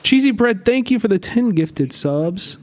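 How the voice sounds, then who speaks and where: A man's voice: high-pitched, lively intonation, a little slow, darkish tone. A young man streaming live, giving heated, rambling commentary and swearing often.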